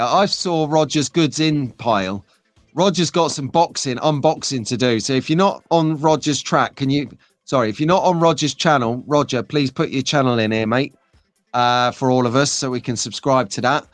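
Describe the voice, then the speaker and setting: A man's voice: mid-range voice, no echo. A man hosting a live stream, chatting in a rambling, jokey way while reading out viewer comments. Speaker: host.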